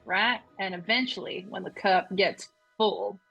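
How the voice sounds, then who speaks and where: A woman's voice: medium pitch, a little slow, creaky, fairly bright tone, slightly rough, no room sound, faint music behind, poor audio. Curt, sarcastic woman player. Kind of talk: in-character talk in a tabletop game.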